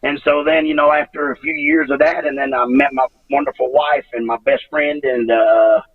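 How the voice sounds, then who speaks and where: A man in his forties, a former pro wrestler guest, talking emotionally and profanely, halting and restarting often. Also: fairly high pitch, flat delivery, breathy edge, no room sound. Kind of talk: emotional interview. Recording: dull lo-fi sound from a distance.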